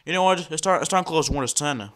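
A man giving casual commentary over a computer screen recording, talking to viewers in a halting, excitable way and often repeating and restarting words. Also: on the high side. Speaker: computer vlogger.

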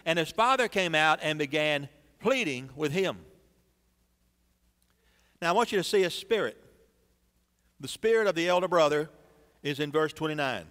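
High-voiced preaching pastor, church reverb. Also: male voice, lively intonation, moderate pace, long pauses, fairly bright tone. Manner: preaching with rising emphasis and dramatic repetition. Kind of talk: sermon. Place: church sanctuary.

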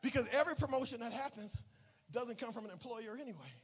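A man preaching a sermon as pastor, telling a story with animated swings between shouting and hushed asides. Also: very high voice, fast talker, a little hiss or hum. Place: church sanctuary.

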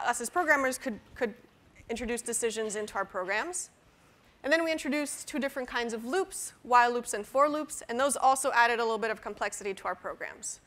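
A woman's voice: a little high, bright, forceful tone. A woman lecturing a university class on programming, explaining step by step with fillers and restarts. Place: lecture hall.

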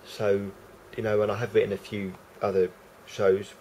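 A man's voice: lowish voice, little pitch movement, normal speed, a little mellow, a little hiss or hum, low-quality recording. A man with a London accent rambling unscripted to camera, hesitant and full of fillers. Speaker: vlogger. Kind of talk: casual unscripted monologue to camera.

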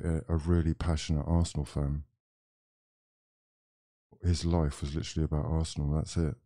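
A young man with a low, mellow voice hosts a live football watchalong stream. He reads viewer comments aloud and chats in a relaxed, easygoing way, laughing often. The sound is close and dry, with no room echo. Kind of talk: casual chat reading live chat.

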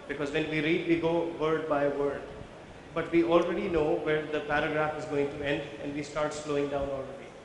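A man leads a workshop on visual merchandising, explaining his points step by step and quizzing the audience. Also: a little high. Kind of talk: workshop lecture with audience questions. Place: large conference hall with a live audience. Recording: very echoey hall, faint background noise.

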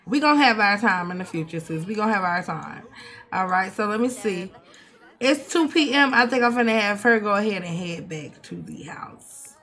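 A young woman, giving animated, swearing, mock-outraged commentary as she plays a life-sim game. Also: medium pitch, moderate pace. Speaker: gaming streamer. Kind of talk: casual gameplay commentary.

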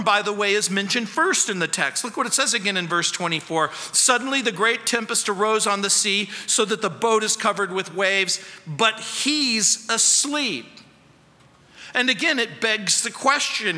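A man, the pastor, preaching a sermon and piling up rhetorical questions, with his voice swinging between loud and soft. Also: high-pitched, normal speed, in a large hall.

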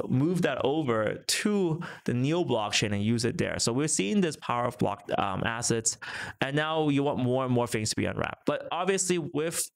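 Casual crypto stream host, male, rambling, fillers, gravelly tone, office. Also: medium pitch. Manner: rambling, many fillers and restarts. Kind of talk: casual live stream chat.

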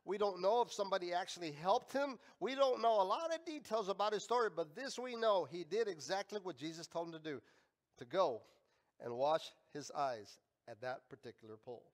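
A male pastor preaching a sermon, emphatic and swinging between loud and quiet. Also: high-pitched, lively intonation, moderate pace. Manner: emphatic, rising and falling in volume.

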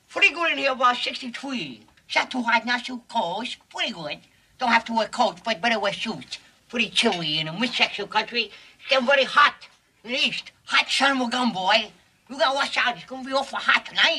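A man's voice: very high voice, bright, forceful tone, husky, full character voice, rough recording. An actor playing a bumbling TV weatherman with a put-on foreign accent, rambling in garbled English in a 1950s film comedy.

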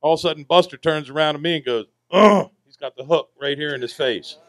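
A charter boat captain spins a yarn for a crowd at a hall event. His voice sits a little high and sounds close and dry. He is folksy and lively, and he acts out the people in his stories. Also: fast. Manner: folksy, animated, acts out characters. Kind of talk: storytelling to an audience.

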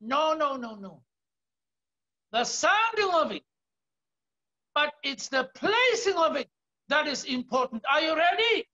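High-voiced South African pastor preaching slowly. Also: male voice, expressive, pushed and bright. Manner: emphatic preaching, often raising his voice and stretching key words. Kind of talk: sermon. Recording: dull lo-fi sermon recording.

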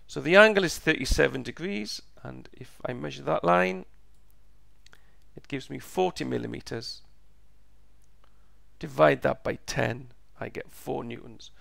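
A man teaching a step-by-step physics lesson, slow and patient, repeating each step, his voice croaky and going hoarse. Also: mid-range voice, a bit bright, dry recording. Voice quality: gravelly, croaky.

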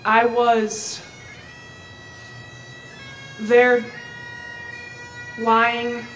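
A woman giving a personal testimony in a halting, measured way. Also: a little high, monotone. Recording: echoey, distant, soft music behind.

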